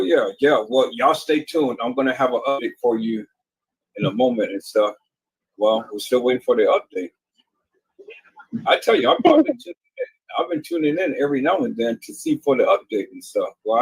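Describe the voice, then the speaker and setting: A man's voice: medium pitch, brisk, husky, low-quality recording. A man hosting a casual live stream, telling joking stories and laughing often. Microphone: home streaming setup.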